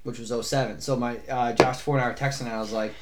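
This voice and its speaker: A man's voice: mid-range voice, steady tone, quick pace. A man co-hosting a podcast in a casual sports chat, rambling with lots of fillers, restarts and offhand swearing. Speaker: podcast co-host.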